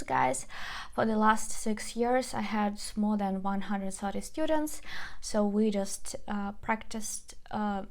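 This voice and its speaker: Slow Ukrainian-accented woman teaching. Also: on the high side. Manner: slow, coaxing, drills sounds aloud. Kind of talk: pronunciation lesson.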